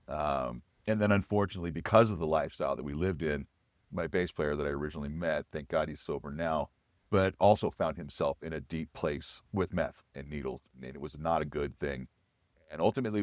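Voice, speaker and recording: Guest, male, 40s, low voice, reflective testimony, dry recording. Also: no echo. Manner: earnest, reflective storytelling with frequent restarts. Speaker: guest, chef. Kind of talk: personal testimony in an interview.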